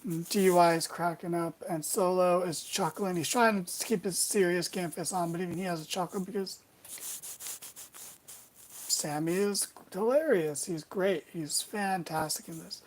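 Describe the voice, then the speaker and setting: A woman's voice: fairly low pitch, moderate pace, darkish tone, a little hiss or hum, poor audio. A woman hosting a casual wrestling recap, rambling along with wry, sarcastic asides.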